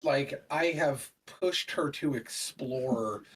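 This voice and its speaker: Husky-voiced middle-aged man, a bit off-mic. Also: medium pitch, takes it slowly, fairly bright tone, recorded from a distance, low-quality recording. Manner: rambling, chatty, full of fillers. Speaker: guest. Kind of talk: casual conversation.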